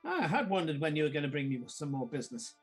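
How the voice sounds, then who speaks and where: A man puts on a gruff old female dwarf blacksmith in a tabletop game. She is brusque and businesslike, and her voice sits slightly high. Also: big pitch swings, fast talker, soft background music. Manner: brusque, businesslike, calls others lad.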